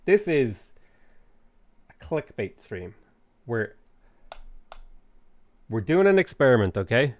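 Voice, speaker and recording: A man's voice: mid-range voice, sing-song, slow pace, pauses often, no room sound, lo-fi sound. A man casually chatting on a livestream while gaming, rambling and swearing freely, with jokey asides to chat. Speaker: streamer.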